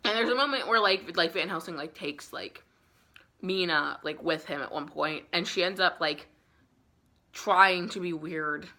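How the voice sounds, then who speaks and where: A young woman with a rather low but bright, forceful voice chats through a book summary for her vlog. She rambles in a loose, profane, filler-heavy way. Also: unhurried. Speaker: book vlogger.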